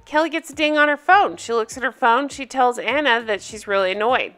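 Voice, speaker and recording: Woman recap host, bright tone, blunt, emphatic and profane. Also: on the high side, fairly quick, soft background music. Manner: blunt, emphatic, swears freely. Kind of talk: casual video recap commentary.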